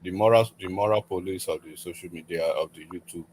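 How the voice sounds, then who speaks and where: A man's voice: sits low, quick pace, darkish tone. A male caller making casual, blunt comments on a call-in show. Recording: noisy call line.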